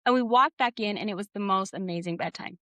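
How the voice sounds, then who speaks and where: A woman's voice: medium pitch, fast talker, sharp tone, no room sound, lo-fi sound. A woman coach in her thirties, guest on a podcast, explaining her ideas earnestly in a casual conversational way and acting out bits of inner dialogue.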